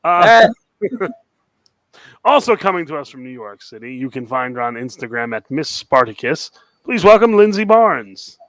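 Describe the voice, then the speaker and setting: Man hosting a comedy podcast, bright tone, dry close sound, laughs often. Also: a little high, big pitch swings, moderate pace, no room sound. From New Jersey. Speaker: host.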